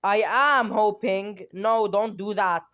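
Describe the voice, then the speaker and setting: A young adult streamer giving excited gameplay commentary, giggling, squealing and talking dramatically to themselves. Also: mid-range voice, slow, highs cut off.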